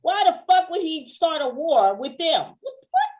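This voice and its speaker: A woman co-hosts a podcast, chatting casually and bluntly about a TV show. Her voice is high and bounces up and down with a lot of life. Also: lively intonation, normal speed. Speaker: podcast co-host. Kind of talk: casual chat.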